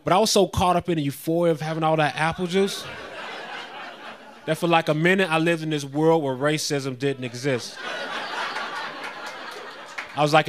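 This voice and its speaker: A man in his thirties doing a stand-up routine on stage, mostly deadpan, working up into indignant rants. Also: on the high side, normal speed, long pauses, a little hiss or hum. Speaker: stand-up comedian. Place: live comedy venue with an audience.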